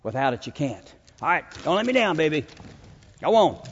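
A man preaching in a seminary chapel while working a dog, swinging between loud commands and soft, hushed points. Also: on the high side, sing-song, normal speed, a little hiss or hum. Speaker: chapel speaker training a dog. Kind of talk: sermon with a live dog demonstration. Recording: echoey hall, dull lo-fi sound.

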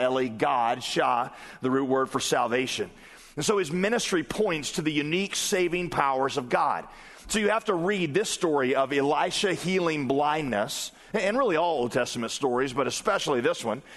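A male pastor with a slightly high voice preaches in an easygoing, conversational way. He reads scripture aloud and acts out the voices in it. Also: a bit bright. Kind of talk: sermon.

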